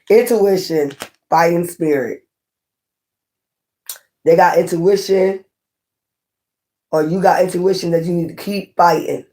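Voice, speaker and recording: Slow, with long pauses, a woman in a lowish, dark voice does a casual tarot reading to camera. She's blunt and swears, speaks passionately, repeats her points, and puts questions to her viewers.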